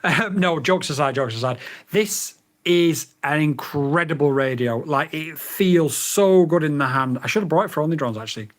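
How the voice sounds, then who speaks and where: A man's voice: a little high, lively intonation, normal speed. A man reviewing a drone radio in a casual vlog, getting exasperated and swearing as he repeats voice commands.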